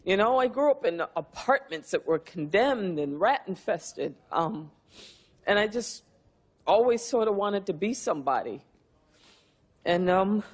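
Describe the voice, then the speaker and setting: A woman's voice: mid-range voice, lively intonation, measured pace. A woman in her fifties, an actress answering questions backstage in a press room, speaking in a reflective, heartfelt way. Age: 50s. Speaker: award-winning actress, interview guest.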